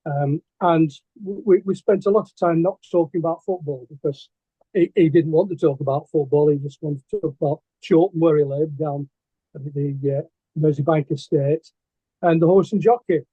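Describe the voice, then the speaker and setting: A man's voice: on the high side, normal speed, husky, no echo. Hesitant Lancashire man on tinny line. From England. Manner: hesitant, many ums and restarts. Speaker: guest artist. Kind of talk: casual storytelling interview. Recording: tinny phone-like line, dry.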